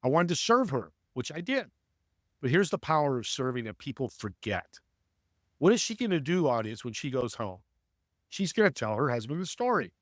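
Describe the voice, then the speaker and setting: A man as a podcast guest and networking coach, telling stories in an energetic, preachy way and speaking straight to the audience. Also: mid-range voice, normal speed, no room sound, studio quality. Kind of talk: conversational storytelling.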